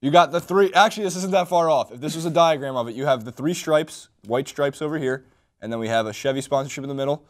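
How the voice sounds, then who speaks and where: A man's voice: fairly high pitch, fast talker. Rambling young male sports co-host. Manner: rambling, self-mocking, laughs often. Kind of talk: casual sports chat.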